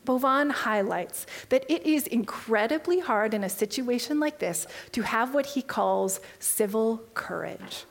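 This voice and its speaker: Woman preacher, slightly high voice, casual sermon delivery, animated with hushed whispered asides. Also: a little slow, vocal fry, few pauses. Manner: animated, conversational, drops to a hushed near-whisper for emphasis. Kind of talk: conversational sermon.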